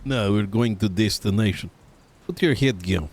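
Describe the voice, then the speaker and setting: A man's voice: lowish voice, moderate pace, darkish tone, a little hiss or hum. A man streaming a role-play game, bantering and giving orders in character. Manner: bantering, laughing, bossy in character.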